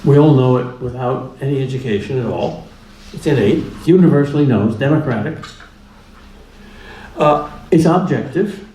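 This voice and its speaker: A man's voice: mid-range voice, normal speed, long pauses, mellow, slight background noise. A man giving a public lecture in a plainspoken, humorous way, driving points home through repetition. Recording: echoey room with faint ambience.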